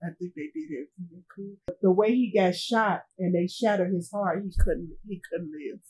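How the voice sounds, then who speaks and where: A middle-aged woman, a grieving mother, speaking in an interview in a halting way, often repeating herself and trailing off. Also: lowish voice, darkish tone, husky, low-quality recording. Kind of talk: emotional interview testimony.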